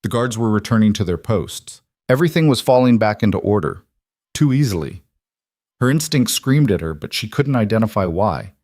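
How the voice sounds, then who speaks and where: A man narrating a scripted fantasy story in a dramatic, steady way. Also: on the low side, moderate pace, no room sound, studio quality.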